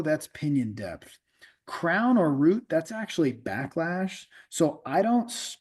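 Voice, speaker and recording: A man's voice: a little high, mellow. A middle-aged man, an automotive instructor, lecturing a class in a casual, conversational way, often repeating himself and checking in with the students.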